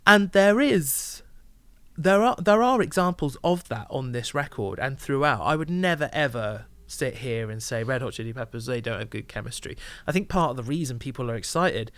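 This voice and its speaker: A man co-hosting a casual album review, weighing his words in a measured, thoughtful way and laughing easily. His middle-pitched voice is recorded dry, with no room around it. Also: expressive, dry recording. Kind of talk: casual chat.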